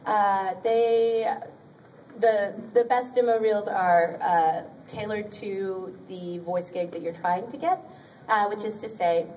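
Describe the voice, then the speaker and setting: A woman voice actor talks casually on a convention panel, upbeat and full of ums and quick laughs. Her voice sits in a middle register. It is picked up from across the room by a distant audience recording, with a faint hiss underneath. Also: mid-range voice, steady tone, a little mellow. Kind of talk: convention panel talk giving career advice.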